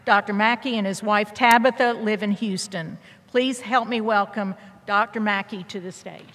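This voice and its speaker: A woman's voice: medium pitch, steady tone, normal speed, noisy background. A woman reading a formal introduction of the guest speaker at a graduation ceremony. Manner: read-aloud, formal. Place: large convention hall. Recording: long hall reverb.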